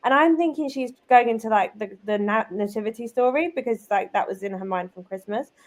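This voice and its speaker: A British woman in her thirties, a guest and business owner, telling stories in a lively, chatty way full of "like" and "um". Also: mid-range voice, fairly quick. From United Kingdom. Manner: lively, chatty, many fillers like "like" and "um". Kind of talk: casual conversational storytelling.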